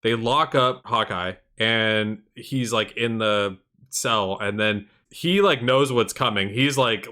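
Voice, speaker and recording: A man's voice: on the low side, slow. A podcast co-host, a man, casually recapping movie scenes with lots of filler words. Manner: relaxed recapping, many fillers and restarts. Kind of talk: casual film discussion.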